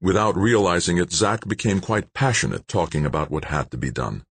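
A man narrating an audiobook in steady, measured storytelling. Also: low-pitched, breathy edge, dry recording. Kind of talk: scripted narration.

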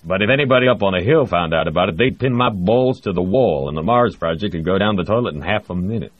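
A gruff, gravelly project director with a South Texas drawl, put on by a male audiobook narrator. He talks blunt and folksy, his low voice swinging widely in pitch. The read is dry and a little muffled. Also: big pitch swings, moderate pace, no echo. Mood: grumpy. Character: gruff middle-aged American project director, ex-Texan. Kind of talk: audiobook character voice.

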